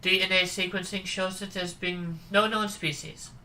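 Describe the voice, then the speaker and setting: A woman voicing a reserved young male scientist with a put-on German accent, speaking in a measured, polite, guarded way. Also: fairly low pitch, steady tone, pushed and bright, slight background noise, low-quality recording.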